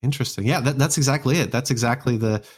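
A man's voice: medium pitch, fast, slightly rough. Casual male guest, rambling delivery full of restarts. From United States. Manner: rambling, many restarts and fillers. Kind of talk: casual conversation.

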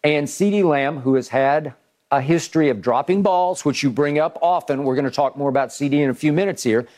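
Male sports talk host, slightly high voice, emphatic, stammering repetitions. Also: brisk, darkish tone. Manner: emphatic, repeats words at starts, rhetorical questions. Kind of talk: animated football analysis chat.

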